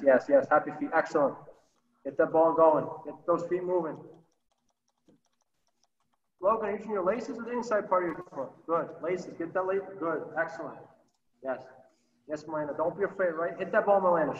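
A man coaching youth soccer over a video call, energetic and encouraging, calling out short repeated cues. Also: sits high, normal speed. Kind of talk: virtual training session coaching. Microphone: computer mic on a video call. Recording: roomy, distant, dull sound.

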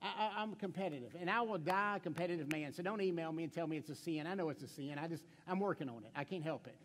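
High-voiced preaching man, big hall echo. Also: quick pace, fairly bright tone, a little hiss or hum. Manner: conversational preaching, stammering restarts, rhetorical questions; playful storytelling with acted quotes. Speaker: pastor. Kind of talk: sermon. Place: church sanctuary.

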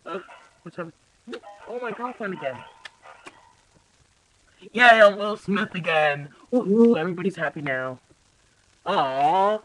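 A man's voice: high-pitched, animated, moderate pace, a little hiss or hum, rough recording. A man voicing a goofy, easily upset male movie star in an improvised comic voice-over, with whiny, exaggerated complaints. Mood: silly.

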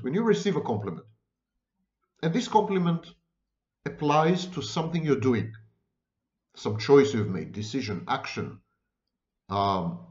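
A man's voice: medium pitch, dull audio. A man giving an unscripted lecture on psychology, emphatic, often repeating and restating his phrases.

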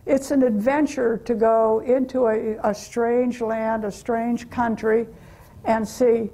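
A woman's voice: fairly high pitch, fairly even intonation, slow, mellow. An older American woman telling stories of her mission trip to a church meeting, chatty and laughing often. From USA. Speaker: guest speaker.

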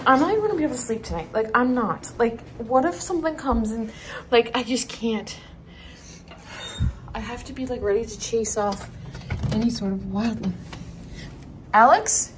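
A woman vlogging from her garden, excitable and out of breath, talking in a rush full of "like" and sometimes dropping to hushed whispers. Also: fairly high pitch, slight background noise, poor audio. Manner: excitable and emotional, lots of "like"; drops to hushed whispers near the nest. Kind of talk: casual vlog to camera. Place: outdoors in a home garden and deck.

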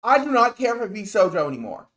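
Cursing and naming the person he's angry at, a male VTuber streamer delivers a slow, emphatic rant. His voice is high-pitched, sing-song, and fairly bright.

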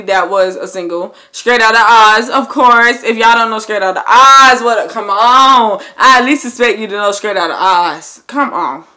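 A young woman chatting casually to her viewers in a vlog, addressing them as "y'all" and bursting into loud, excited exclamations. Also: mid-range voice. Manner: animated, swings into loud excited shouts and laughs; talks straight to viewers with lots of "y'all". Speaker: YouTuber.

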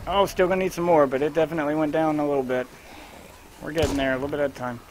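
A man streaming his own gameplay, talking casually to a teammate in a loose, chatty way and giving quick instructions. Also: a little high, steady tone, slight background noise, rough recording.

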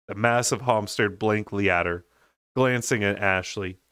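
A man's voice: fairly low pitch, measured pace, fairly bright tone, clear, resonant tone, no room sound, clean studio sound. A man reading a fantasy novel aloud as a storyteller, unedited. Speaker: book reader.

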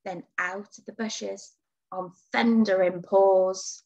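A woman teacher reading a picture book aloud to children, with big leaps in pitch on key words. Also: steady tone, slow pace, warm tone, lo-fi sound.

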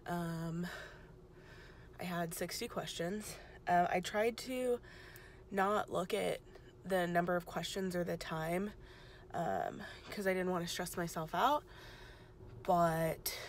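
A woman's voice: lowish voice, slight background noise. A young woman, rambling and emotional as she vlogs just after finishing an exam. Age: young adult. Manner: rambling, emotional, talks in quick asides. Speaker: vlogger. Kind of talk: casual vlog chat. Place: outside a testing center.

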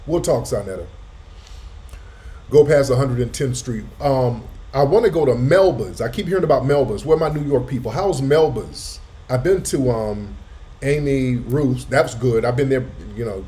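A man hosting a casual live talk, telling a story with animated emphasis and street slang. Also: mid-range voice, moderate pace. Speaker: host. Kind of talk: casual livestream chat.

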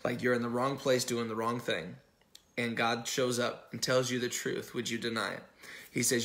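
A man's voice: medium pitch, fairly even intonation, moderate pace, gravelly, a bit bright. A male pastor preaching a sermon in a conversational style, with restarts and self-corrections, acting out the dialogue from the story.

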